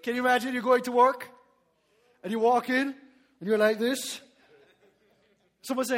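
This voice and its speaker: A man preaching a sermon as pastor, animated, laughing often and calling for responses from the congregation. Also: extremely high pitch, normal speed, long pauses, in a large hall.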